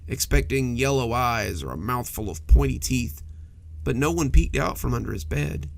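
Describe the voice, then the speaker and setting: A man narrates a cozy horror story in a scripted style. His voice is strongly gravelly. His delivery is animated, with a wide pitch range.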